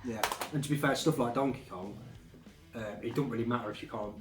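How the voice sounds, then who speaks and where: A man chatting casually about his game finds, relaxed and rambling with fillers. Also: mid-range voice, fast talker. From England. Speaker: game collecting vlogger. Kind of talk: casual chat. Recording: echoey room, faint music behind.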